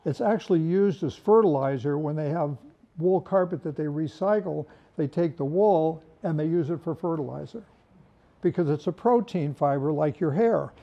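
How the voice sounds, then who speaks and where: A man's voice: on the high side, moderate pace, vocal fry, highs cut off. An older man in the carpet trade giving an informal, folksy product talk, rambling through stories with humor.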